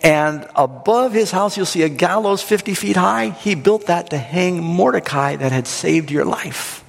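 A man's voice: sits high, a little slow, vocal fry, voice pushed up, full character voice. A man preacher voicing an eager royal servant who confides to the king, in a reverberant hall. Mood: confiding. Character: tattling royal male servant.

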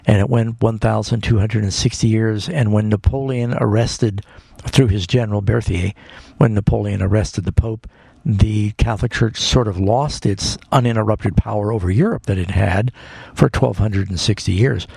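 A man with a gravelly, husky voice answers callers' Bible questions on a radio call-in show, earnest and explanatory. His sound is dry and close, straight off a studio mic. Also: on the low side, normal speed, warm tone, no room sound. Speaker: radio Bible program host and pastor. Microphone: studio microphone.

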